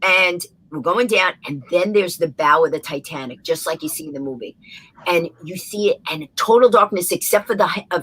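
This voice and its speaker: Husky-voiced New York woman, brisk storyteller guest, dry close sound. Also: lowish voice, a bit bright, dry recording, rough recording. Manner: rapid, acts out every voice in her stories. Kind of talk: animated anecdotal storytelling.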